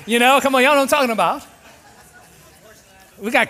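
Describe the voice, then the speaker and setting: A man preaching a sermon as pastor in a large church, animated and jokey, acting out voices. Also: very high-pitched, normal speed, long pauses.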